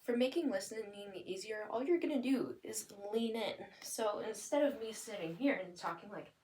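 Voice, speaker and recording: Speaking at normal speed and medium pitch with few pauses, a young adult woman demonstrates listening and speech strategies for parents. She explains plainly, then performs lively sing-song examples as if addressing a child. She's far from the mic and the audio is poor.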